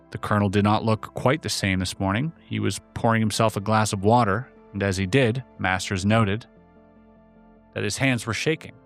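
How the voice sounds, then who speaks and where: A man reads a story aloud in a dry, wry manner, his voice sitting low. Quiet music plays faintly in the background. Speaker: host and story reader. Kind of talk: story narration.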